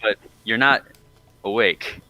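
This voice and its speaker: A man's voice: lowish voice, slow pace, bright, forceful tone, no echo, poor audio. A man playing in a tabletop game, joking and stumbling over his words. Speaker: player. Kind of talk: casual tabletop game chat.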